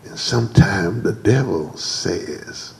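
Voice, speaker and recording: A man preaching a church sermon. He calls on the congregation to answer back, repeats and stammers over words, and leaps higher when he acts out quotes. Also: animated, slow pace, creaky, poor audio. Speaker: pastor. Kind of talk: preached sermon with call-and-response. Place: church service.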